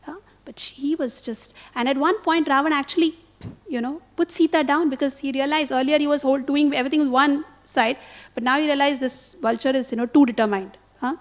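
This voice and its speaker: A woman's voice: high-pitched, fairly even intonation, brisk. A woman gives a sermon, telling a story and checking in with her listeners through short questions. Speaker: temple speaker. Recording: dull lo-fi recording.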